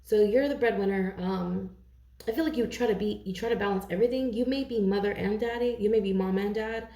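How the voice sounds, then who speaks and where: Gravelly-voiced woman tarot reader, casual. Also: mid-range voice, fairly quick, warm tone, roomy sound. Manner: chatty, intuitive, frequent "okay?" check-ins. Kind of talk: casual tarot reading to camera.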